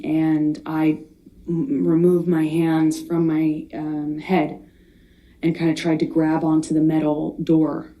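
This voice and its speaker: A woman in her thirties giving sworn testimony as a witness in a courtroom, speaking haltingly with frequent restarts. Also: low voice, mellow. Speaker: trial witness.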